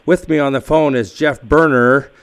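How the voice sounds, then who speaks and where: A man interviewing a football coach by phone for a radio sports show, asking questions haltingly with many fillers. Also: medium pitch, fairly even intonation, smooth.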